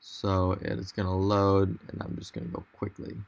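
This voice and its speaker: A man's voice: low voice, monotone, moderate pace, creaky, clean tone. A young man casually narrating a virtual dealership tour, enthusiastic and loose, thinking aloud as he goes. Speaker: car vlogger.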